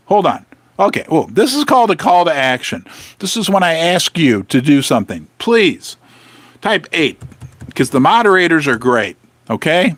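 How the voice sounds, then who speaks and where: A chatty, excitable man in his fifties hosts a casual livestream from his basement. His lively pitch leaps up and down, he rambles and jokes, and the sound is close and dry with no room echo. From Saint Louis, Missouri, USA. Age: 50s. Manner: chatty, excitable, joking, rambling with self-interruptions. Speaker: livestream host.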